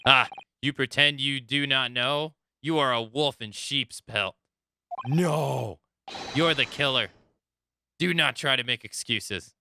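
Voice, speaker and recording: A man's voice: mid-range voice, slow, gravelly, pushed and bright, dry recording, full character voice. A man putting on a stern middle-aged Russian ship officer with clipped, broken English while reading game dialogue aloud. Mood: accusing.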